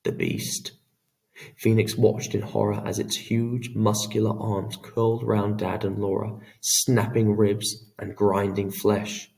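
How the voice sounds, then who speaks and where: A man reading an audiobook in a measured, dramatic storytelling manner. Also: on the low side, little pitch movement, vocal fry, darkish tone, recorded from a distance. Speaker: audiobook narrator. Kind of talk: scripted narration.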